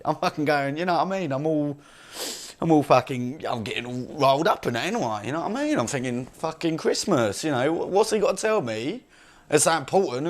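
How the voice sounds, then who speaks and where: A man's voice: on the high side, natural voice. A man playing a brash, crude chav with an Essex accent, rambling and swearing in laddish banter as a comedy character monologue.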